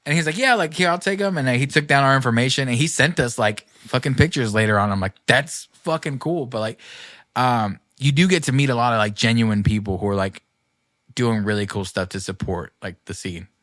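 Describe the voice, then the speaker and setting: A man hosting a podcast in loose, rambling chat, with lots of "like" and freely dropped swears. His voice has a bright edge, and the sound is dry and close to the mic. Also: mid-range voice, brisk, no echo. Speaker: podcast host.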